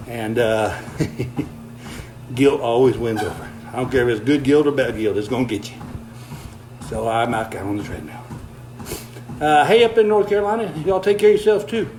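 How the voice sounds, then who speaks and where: Background noise sits under this older man's medium-pitched voice as he chats on a livestream. He's reading viewer comments on a treadmill, slightly out of breath, with a folksy, easygoing manner and frequent chuckles.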